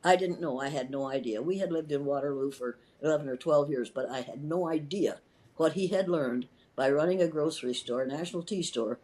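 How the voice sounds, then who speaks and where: A woman's voice: low voice, a little fast, dark tone, slightly rough. An older woman from Iowa, a retired schoolteacher telling her story in an interview, impassioned and emphatic, repeating words and restarting sentences. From Iowa, USA.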